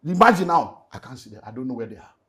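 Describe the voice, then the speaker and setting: A middle-aged Nigerian man, a pastor, telling an earnest, animated personal story in an interview and slipping into Pidgin. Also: medium pitch, fast talker. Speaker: pastor and relationship speaker.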